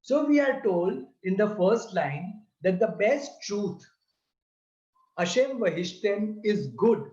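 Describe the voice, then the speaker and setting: Male religious teacher, unhurried and deliberate, recorded in a roomy space with muffled sound. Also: sits high, expressive, a little mellow. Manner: deliberate, repeats and spells out syllables. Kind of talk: slow explanatory lesson. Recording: roomy, slightly dull sound.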